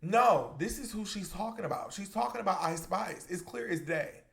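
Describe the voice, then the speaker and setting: A man's voice: sits high, animated, moderate pace, gravelly, fairly bright tone. A man giving celebrity gossip commentary to his viewers, chatty and emphatic, calling them "y'all.". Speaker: commentary YouTuber.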